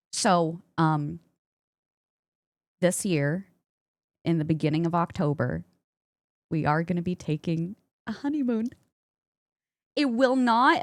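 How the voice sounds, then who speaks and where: A woman streamer chatting casually, reading and answering her chat aloud and jumping high in pitch when excited. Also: no room sound.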